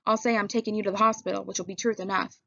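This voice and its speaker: A woman voicing a reckless, hotheaded teenage street tough in an audiobook, urgent and commanding, with a slightly gravelly edge. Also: medium pitch, flat delivery, very fast, sharp tone, no room sound, dull audio. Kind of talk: audiobook character voice.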